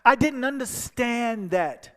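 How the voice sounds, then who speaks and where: A man giving a personal testimony as a guest speaker, telling his story and acting out the dialogue, moving from hushed passages to soaring ones. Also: extremely high pitch, animated, takes it slowly. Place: church sanctuary. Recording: long hall reverb.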